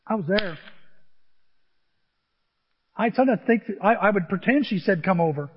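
An older man preaching a sermon, telling animated stories and acting out voices as he goes. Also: sits high, normal speed, husky, big-room sound, muffled recording. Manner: animated storytelling, mimics voices. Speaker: pastor.

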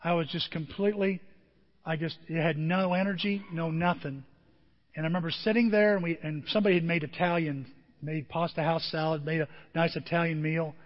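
A man pastor preaching a sermon with emotion, his voice moving from quiet and tender to loud and emphatic. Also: on the high side, steady tone, fairly quick, long reverb tail, dull audio. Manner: emotional, swings from soft to emphatic.

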